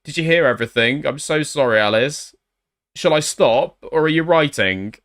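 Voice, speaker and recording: A man's voice: a little high, animated, normal speed, fairly bright tone. Guy ranting through old texts, sarcastic and sweary. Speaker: commentator. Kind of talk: commentary reading out messages.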